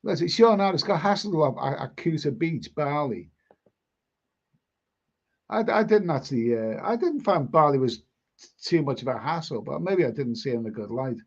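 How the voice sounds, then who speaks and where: A man's voice: on the high side, lively intonation, moderate pace, muffled recording. An older man with a Liverpool accent, hosting a live stream and chatting casually as he reads out viewer comments, rambling, repeating himself and swearing bluntly. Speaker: live stream host reading chat. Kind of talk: casual chat.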